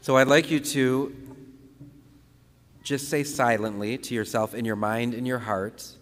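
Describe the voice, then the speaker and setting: Man priest, slow calm prayer leader. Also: medium pitch. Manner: slow, calm, repeats phrases with pauses for breathing. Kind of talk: teaching and leading a guided prayer. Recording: long reverberant room sound.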